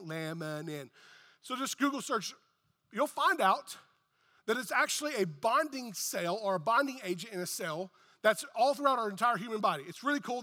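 High, bright-voiced preaching man. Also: big-room sound. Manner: emphatic, repetitive preaching with rising and falling intensity. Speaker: pastor. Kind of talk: sermon. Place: church hall.

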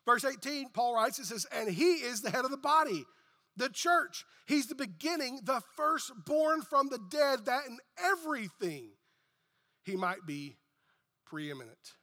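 High, bright-voiced preaching man. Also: very animated, unhurried, big-room sound. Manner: emphatic, repetitive preaching with rising and falling intensity. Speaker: pastor. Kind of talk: sermon. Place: church hall.

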